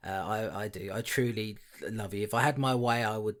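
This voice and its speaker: A man's voice: lowish voice, a little fast, a bit bright. Teasing man reviewing films. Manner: teasing, sarcastic, exasperated. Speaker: podcast co-host. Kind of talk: casual film review chat.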